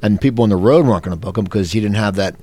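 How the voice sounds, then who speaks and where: Fast-talking man hosting a chat. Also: lowish voice, dark tone. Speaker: interview host. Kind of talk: casual chat.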